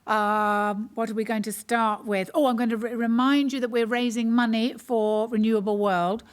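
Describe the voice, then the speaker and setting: A woman comedian with a slightly high-pitched voice hosts an online awards ceremony. She tells dry, self-mocking stories, then shifts into announcing categories and nominees. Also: steady tone, normal speed, smooth. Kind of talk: stand-up anecdote and award hosting.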